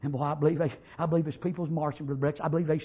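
A man preaching a sermon, acting out the story, shouting some lines and whispering others. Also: a little high, little pitch movement, rapid-fire, breathy edge.

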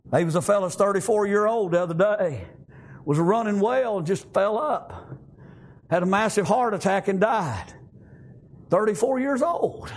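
An older man preaching a fervent sermon, halting with many fillers and constant "amen" and "praise God". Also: sits high, lively intonation.

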